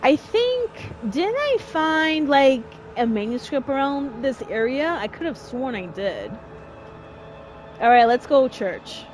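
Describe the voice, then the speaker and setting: A woman plays a horror game and chats her way through it, talking to herself and yelping when things go wrong. Her voice is high and swings widely in pitch. She speaks at an unhurried pace. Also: faint music behind. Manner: excitable, yelps and shouts at the game; chatty, talks to herself and the game character. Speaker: gamer playing a horror game. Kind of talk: casual let's-play commentary.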